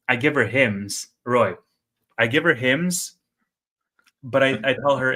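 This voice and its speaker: A young man co-hosting a casual stock-market livestream, telling an animated story with quick asides and laughs. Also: medium pitch. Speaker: co-host of a stock market stream.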